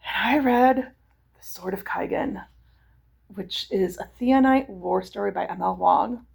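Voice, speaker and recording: Woman, young adult, enthusiastic book reviewer; slow, easy delivery with heavy vocal fry. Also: mid-range voice, a little mellow. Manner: enthusiastic, chatty, frequent fillers. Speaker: book vlogger. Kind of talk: casual book review chat.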